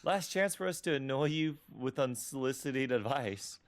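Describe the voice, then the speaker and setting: A man reading the lines of a caring, stubborn immigrant mother aloud from a story game, in an earnest, softly pleading way. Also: mid-range voice, animated, moderate pace, close to an everyday voice. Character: caring middle-aged immigrant mother, gentle but stubborn.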